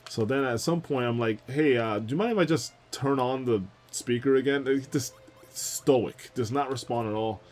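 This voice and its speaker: While playing a video game on stream, a young man spins chatty, rambling anecdotes, laughing often and using many fillers and asides. He speaks at a moderate pace in a mid-range voice with a darkish tone.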